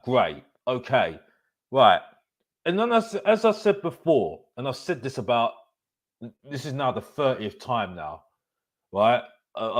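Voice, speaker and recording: A man hosting a live football fan stream, ranting in an animated, repetitive, emphatic way. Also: mid-range voice. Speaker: host of a football fan channel. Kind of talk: live-stream opinion rant.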